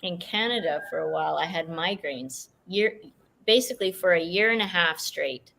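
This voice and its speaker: Woman, podcast host, lower voice, chatty, expressive. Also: moderate pace, vocal fry. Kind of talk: podcast interview, casual chat.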